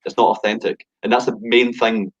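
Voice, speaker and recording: A man's voice: medium pitch, level tone, moderate pace. A young Scottish man, a rapper, talking bluntly in a casual interview, swearing freely and leaning on fillers. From Scotland. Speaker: rapper guest. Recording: dull lo-fi sound.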